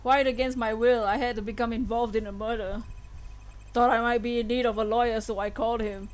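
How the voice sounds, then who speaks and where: A woman reading a calm, measured older defendant. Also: on the high side, natural voice.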